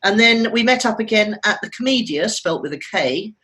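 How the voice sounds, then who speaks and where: A woman's voice: mid-range voice, animated, normal speed, bright, forceful tone, poor audio. Podcast co-host, woman in her fifties, chatty storyteller who laughs easily. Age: 50s. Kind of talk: casual chat.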